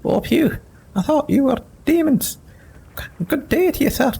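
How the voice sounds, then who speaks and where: A jittery little halfling rogue with a high, stammering voice, as a man puts him on. He sounds sheepish and flustered, with a gravelly edge under the raised pitch. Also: lively intonation, measured pace, mellow, exaggerated voice.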